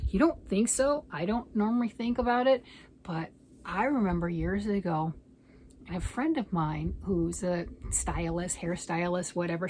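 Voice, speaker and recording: A woman's voice: medium pitch, slight background noise. A woman vlogger in casual, rambling chat, showing off her craft projects and gushing over them.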